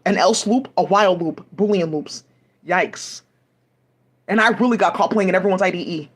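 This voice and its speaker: A woman's voice: fairly low pitch, normal speed, breathy edge. A woman giving rambling, profane commentary full of restarts, agitated asides and fillers, speaking into a home mic. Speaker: commentary vlogger.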